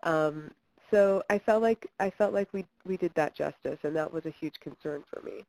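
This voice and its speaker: A chatty young woman from Kentucky, giving an interview about her filmmaking. Her voice sits low, and she talks with plenty of "um"s and restarts. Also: moderate pace, gravelly, dark tone, poor audio. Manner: chatty, many fillers and restarts, laughs often. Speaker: filmmaker guest. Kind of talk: interview conversation.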